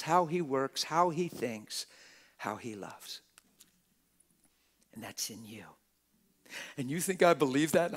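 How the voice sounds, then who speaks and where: A man preaching a live church sermon in a conversational way, firing rhetorical questions at the audience and acting out the voices of people he quotes. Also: on the high side. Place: church gathering.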